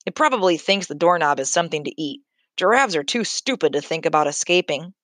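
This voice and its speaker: A woman's voice: low-pitched, expressive, fairly quick, fairly bright tone, no room sound. A woman voicing a human father who talks in a curt, scornful and dismissive way.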